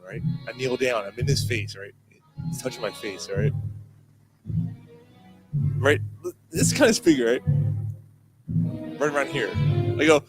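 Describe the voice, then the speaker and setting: With loud music behind him, a man co-hosting a casual, crude sports pub podcast shouts his way through animated stories, swearing heavily and acting out screams. His mid-range voice moves at a measured pace with frequent pauses, in a bar or pub studio.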